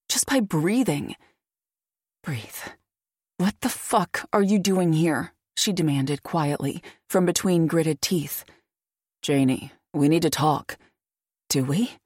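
A woman narrating a romance audiobook in a measured, intimate way. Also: on the low side, dry recording, clean studio sound. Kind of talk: scripted narration.

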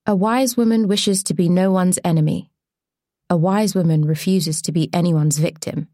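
A woman reading an audiobook in measured, deliberate scripted narration. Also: on the low side, warm tone, dry recording, clean studio sound.

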